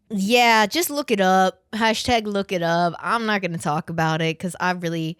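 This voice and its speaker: A woman's voice: medium pitch, moderate pace, hardly any pauses, smooth, dry recording, clean studio sound. A woman in her twenties hosting a podcast, chatting casually in a rambling, profane way. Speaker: podcast host.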